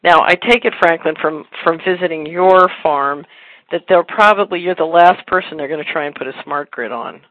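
A woman hosting a casual talk show who tells rambling stories in quick bursts and laughs easily. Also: low-pitched, no echo. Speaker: podcast host. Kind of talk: casual conversation. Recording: phone-line audio, dry.

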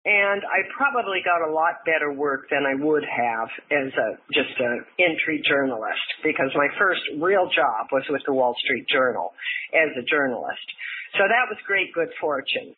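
An older woman journalist, a guest telling her story in an animated way and laughing often. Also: deep voice, normal speed, breathy edge. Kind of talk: storytelling interview answer. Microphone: phone. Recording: tinny phone line.

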